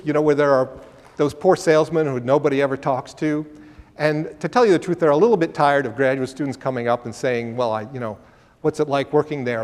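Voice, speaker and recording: A man's voice: fairly high pitch, a little mellow. Emphatic man answering questions in a hall. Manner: emphatic, conversational, often restarts phrases. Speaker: career workshop speaker.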